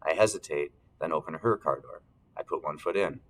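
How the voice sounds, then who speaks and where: A man reading a first-person novel aloud as narrator, steady, clearing his throat now and then. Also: very deep voice, brisk, low-quality recording. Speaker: audiobook narrator.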